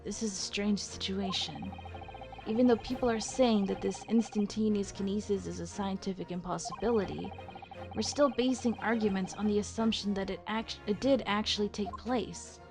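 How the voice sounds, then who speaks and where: A woman hosting a game let's play, chatting through it in an animated, playful way, with frequent laughter and rambling asides. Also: medium pitch, normal speed, over music. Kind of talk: game commentary.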